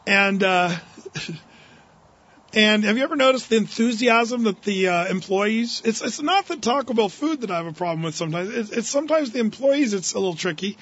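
A man's voice: sits high, expressive, moderate pace, a bit bright, muffled recording. A male pastor giving a humorous, anecdotal sermon at a Wednesday evening church service, chuckling often.

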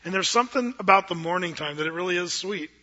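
A middle-aged man, a pastor preaching a sermon in an animated, joking way that acts out quoted voices. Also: sits high, quick pace, dull audio.

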